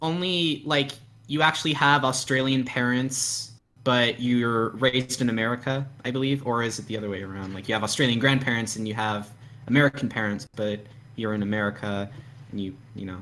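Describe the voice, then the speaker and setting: A man hosting a casual live stream, talking in a playful, halting way with frequent laughs. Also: medium pitch, fairly bright tone. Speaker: host.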